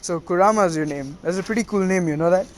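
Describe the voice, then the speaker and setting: A man's voice: high-pitched, fast talker, natural voice. A man voicing a cheeky, teasing young male ninja in an easygoing tone. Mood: friendly.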